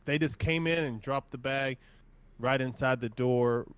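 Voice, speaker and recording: A man's voice: mid-range voice, a little slow, clean tone. A man narrating a tabletop game as game master, laid-back and full of hedging fillers.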